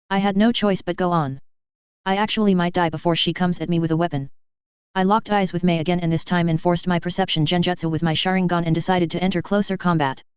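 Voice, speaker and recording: Fast fanfic reader, very clear crisp voice, dull lo-fi sound. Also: medium pitch, no echo. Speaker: audiobook reader. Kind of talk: reading fan fiction aloud. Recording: dull lo-fi recording.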